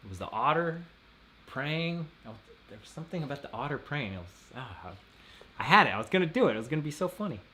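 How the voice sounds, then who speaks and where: A man's voice: fairly high pitch, very animated, quick pace, bright, forceful tone, a little hiss or hum. Rambling man chatting on a live stream. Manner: rambling, laughs often, reads chat aloud. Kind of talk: casual live stream chat.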